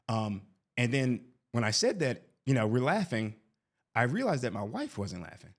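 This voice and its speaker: A man's voice: mid-range voice, big pitch swings, fairly quick. A man in his forties telling a rambling personal story, often tagging lines with "right?". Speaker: vlogger. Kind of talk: casual storytelling.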